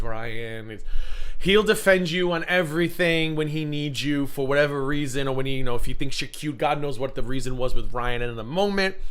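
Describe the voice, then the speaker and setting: A man's voice: mid-range voice, bright, forceful tone. A man hosting a live reaction stream, talking casually and sarcastically, laughing often and swearing freely. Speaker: livestream host.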